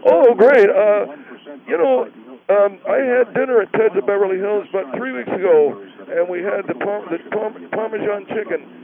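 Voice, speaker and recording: A man voicing an eager, gushing male diner calling in to a radio show, with a high, excitable voice that keeps repeating its praise. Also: moderate pace, vocal fry. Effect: phone line. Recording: tinny phone line with crowd noise.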